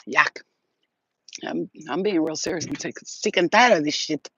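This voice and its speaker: A woman's voice: sits low, unhurried, bright, forceful tone, a little hiss or hum. A woman psychic reader hosting a casual livestream, talking brashly with plenty of swearing and laughter. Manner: brash and profane, laughing often. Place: at home. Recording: dull lo-fi sound.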